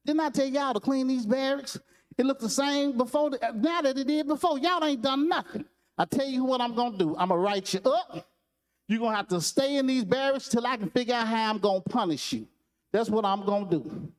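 A man's voice: high-pitched, lively intonation, normal speed, long reverb tail. A man voicing a bossy male Marine drill sergeant who scolds and barks orders at his men. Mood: scolding.

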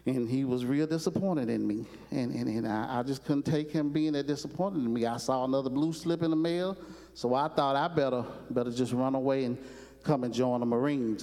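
A man with a medium-pitched, dark-toned voice preaches a sermon, retelling a TV episode and acting out the characters' lines as he goes. A long hall reverb trails his words.

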